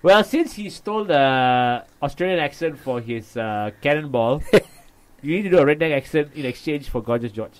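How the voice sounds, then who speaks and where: A man's voice: fairly high pitch, lively intonation, normal speed. A man co-hosting a casual script-reading show, playful and laughing often. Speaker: co-host.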